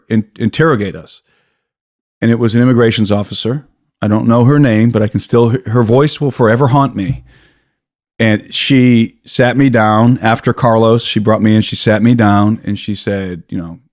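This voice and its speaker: An American man, a podcast guest, telling a story in an animated way, often breaking off and restarting his sentences. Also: on the low side, dry recording, studio quality. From United States. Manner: animated, self-interrupting storyteller. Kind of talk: casual storytelling.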